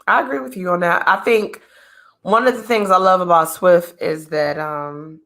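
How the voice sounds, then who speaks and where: A woman hosting a podcast in casual chat, animated and joking, acting out the voices she quotes. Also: fairly low pitch, moderate pace, vocal fry. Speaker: podcast host.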